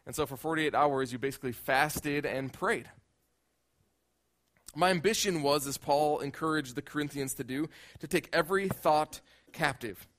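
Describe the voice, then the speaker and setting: A man's voice: fairly high pitch, moderate pace, fairly bright tone. A male pastor preaching a conversational sermon, often repeating words as he builds a point.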